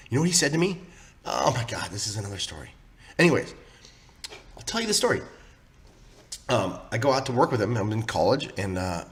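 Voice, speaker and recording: A man talking casually to camera in a crypto vlog, rambling and excitable, full of slang and asides. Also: lowish voice. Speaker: crypto vlogger.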